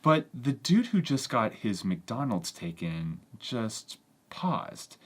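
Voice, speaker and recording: A woman's voice: a bass voice, big pitch swings, slow, slightly rough. A woman vlogger animatedly retelling a strange story in an exasperated storytime vlog.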